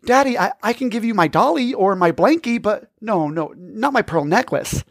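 A man's voice: sits high, lively intonation, moderate pace, vocal fry, dry recording, clean studio sound, voice pushed up, full character voice. A man voicing a pleading four-year-old girl who stammers, in a storytelling podcast.

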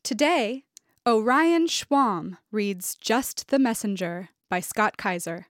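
A woman hosting a podcast, reading sponsor credits and introductions in a clear, measured manner. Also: medium pitch, lively intonation, no echo, clean studio sound. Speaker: podcast host and artistic director. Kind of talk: scripted host announcements.

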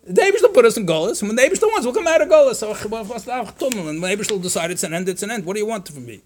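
A man, a rabbi teaching a Torah class, talking in an animated way, mixing in Hebrew and Yiddish quotes and voicing objections with sarcasm. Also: high voice, rapid-fire.

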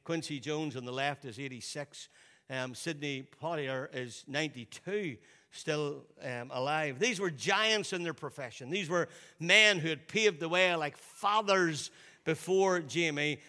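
Male pastor preaching, slightly high voice, bright forceful tone, conversational and repetitive. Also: measured pace, big-room sound. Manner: conversational, repeats himself, drops to a low voice for quotes. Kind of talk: sermon.

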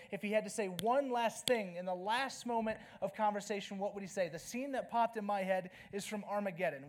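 A man in his thirties preaching a sermon to his congregation, conversational and emphatic, swinging from hushed to loud. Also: sits high. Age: 30s. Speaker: pastor.

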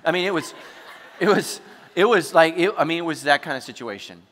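A man preaching a sermon, telling a story with animated energy and sudden shouts. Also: a little high, fast, long reverb tail, a little hiss or hum. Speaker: pastor.

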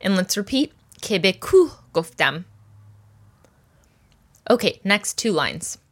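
Woman teacher, patient and methodical, mid-range voice, repeats vocabulary slowly for students. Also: mid-range voice, sing-song. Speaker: language teacher. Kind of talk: step-by-step language lesson.

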